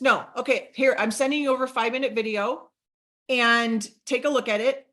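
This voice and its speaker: A middle-aged woman giving an energetic sales training talk to a group, coaching them and acting out sample chats. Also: fairly high pitch, a little fast.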